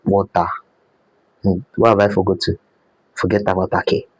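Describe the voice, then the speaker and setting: A man's voice: sits low, monotone, normal speed, husky, no room sound, low-quality recording. A man teaching a live design class, repeating his points and quizzing students with "what?". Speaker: design instructor.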